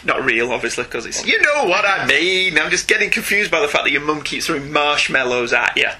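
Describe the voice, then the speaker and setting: A man's voice: on the high side, very animated, sharp tone, low-quality recording. A Northern English man co-hosting a casual comics podcast. He chats, teases his co-host and laughs readily. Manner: chatty, teasing, quick to laugh. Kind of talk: casual comics review chat.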